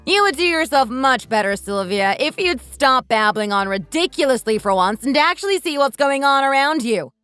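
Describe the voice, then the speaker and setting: A woman voicing a fed-up, sharp-tongued daughter-in-law who fires back with sarcastic, cutting remarks, in a dramatized text-story reading. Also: high voice, lively intonation, normal speed, hardly any pauses, clear, resonant tone, no room sound, soft background music.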